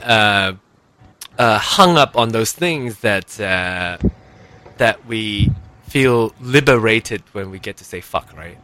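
A man's voice: lowish voice, animated, slow pace, sharp tone, a little hiss or hum. A man hosting a casual podcast chat, joking and playful with his guests. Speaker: podcast host.

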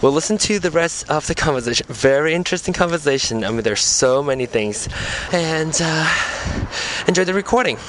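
A man's voice: fairly high pitch, lively intonation, normal speed, fairly bright tone, slight background noise. A man hosting a podcast, talking casually while walking outdoors, out of breath, rambling and correcting himself. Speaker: podcast host. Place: outdoors on street, then in car. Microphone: microphone attached to a portable music player.

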